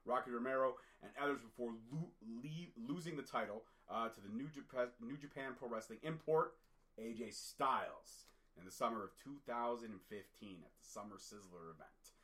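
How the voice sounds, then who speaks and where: A man hosts a loose, chatty podcast, running through a list of facts and dropping jokey asides along the way. His voice has a bright, forward tone at a mid pitch. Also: brisk. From Canada. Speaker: podcast host. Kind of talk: casual podcast chat.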